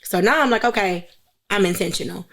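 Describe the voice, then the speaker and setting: Woman guest, 30s, mid-pitched, gravelly, earnest and encouraging. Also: fairly quick, a bit bright. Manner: earnest, encouraging, faith-focused advice. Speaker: podcast guest. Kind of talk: casual chat.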